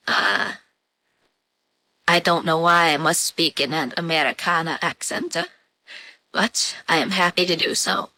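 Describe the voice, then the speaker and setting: Picture a comic announcer who mangles her English, as a woman puts her on. She talks slowly and haltingly, with many "uh"s, in a bright, lower-pitched voice. The sound is close and dry. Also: dry recording. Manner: halting, jumbled phrasing with many "uh"s. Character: comic woman speaking in jumbled broken English.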